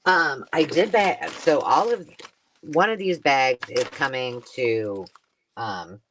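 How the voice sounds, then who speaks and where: A woman hosting a craft live stream chats casually as she unboxes finds at home, wandering through stories and interrupting herself mid-sentence. She speaks slowly and expressively in a mid-range, slightly bright voice, with slight background noise.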